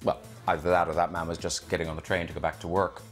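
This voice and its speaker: A man's voice: low-pitched, flat delivery, fast talker, faint music behind. A male talk show host with an Irish accent, reading a teasing monologue and chatting with a guest. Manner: wry, teasing, giggly. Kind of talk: scripted monologue and interview. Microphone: video call from home.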